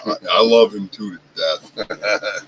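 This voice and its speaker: A man with a deep voice hosting a casual chat, talking earnestly and candidly with many restarts. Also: slow, a bit bright, muffled recording, slight background noise. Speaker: host.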